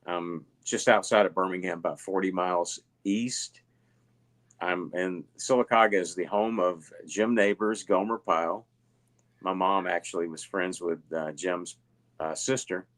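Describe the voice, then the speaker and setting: Deep-voiced Southern US man. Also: measured pace. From Alabama. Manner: rambling, relaxed storytelling with many fillers. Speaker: guest, illusionist. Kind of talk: casual interview chat.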